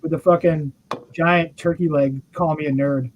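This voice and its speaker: Blunt high-voiced man in casual chat. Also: steady tone, normal speed, dull audio, faint music behind.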